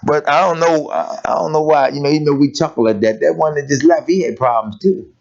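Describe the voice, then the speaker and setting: A man preaching a sermon in a lively, conversational way, asking rhetorical questions and laughing as he goes. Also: fairly high pitch, a little fast, vocal fry. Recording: dull lo-fi recording.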